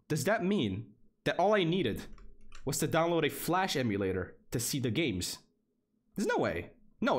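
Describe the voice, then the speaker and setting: A young man talking through a live game stream in a lively, restless voice that leaps up and drops back down. He repeats himself, curses freely and reacts out loud to everything on screen. Faint game music and keyboard clicks sit behind him. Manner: excitable, repetitive, swears, lively swings in pitch.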